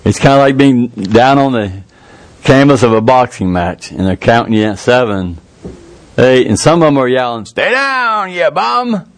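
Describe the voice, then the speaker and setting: A man preaching a sermon in a folksy, earnest way, jumping up in pitch to stress a point. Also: dry recording. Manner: folksy, earnest, with quick rises in pitch for emphasis.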